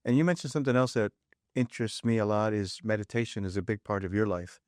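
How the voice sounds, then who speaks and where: A man hosting a podcast, asking his guest quick, agreeable questions. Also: fairly low pitch, darkish tone, dry recording, clean studio sound. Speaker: podcast host. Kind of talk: interview questions.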